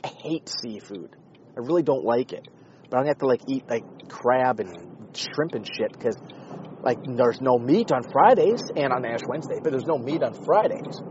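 A man hosting a podcast, talking in a rambling, sarcastic, profane comedic monologue with a husky voice. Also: medium pitch, lively intonation, normal speed, dull audio, background noise. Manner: rambling, sarcastic, swears often. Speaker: podcast host.

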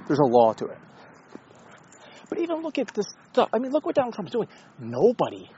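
A vlogger walks his dog along a neighborhood street, rambling and swearing in a casual monologue, poking fun at himself and talking to the dog. His voice is fairly high and a little mellow; the recording has the highs cut off and slight background noise.

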